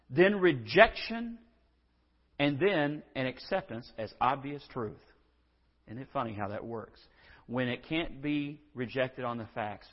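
A pastor preaching a sermon in a conversational way, asking rhetorical questions and acting out quotes. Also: male voice, fairly high pitch. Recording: dull audio in a hall with long reverb.

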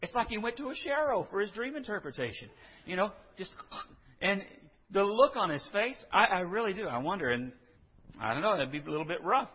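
A man with a slightly high, husky voice preaches a sermon. He tells the story in a conversational way and makes humorous asides. The recording is dull and carries a long hall reverb. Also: very animated, a little fast.

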